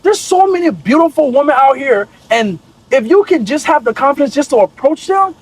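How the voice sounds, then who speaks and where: A man's voice: very high-pitched, very animated, brisk, no echo, poor audio. A man appearing as an entrepreneur guest on a podcast, talking in a loose, slangy way and often checking in with "you get what I'm saying". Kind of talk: casual interview chat.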